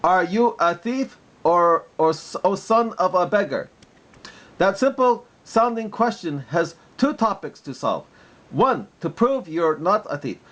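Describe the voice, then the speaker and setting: A man voicing a preachy online debater in a mock Arabic accent, slow and lecturing. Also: high-pitched, expressive, a bit bright, pitched above the performer's own voice. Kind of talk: mocking impression in a video reply.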